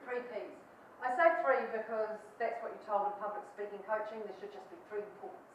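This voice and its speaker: A woman with a New Zealand accent, a public speaking coach giving a lively, jokey, emphatic talk to an audience. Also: medium pitch, fairly quick. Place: large echoey hall. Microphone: distant mic. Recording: echoey hall from far off, faint noise.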